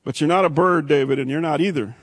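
A middle-aged man from Texas, preaching a sermon with big swings from loud to hushed. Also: on the high side, fast talker. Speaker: pastor.

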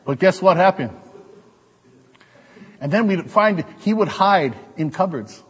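A male preacher giving an animated, joking sermon to his congregation. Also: sits high, a little slow, breathy edge, long reverb tail. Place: church hall.

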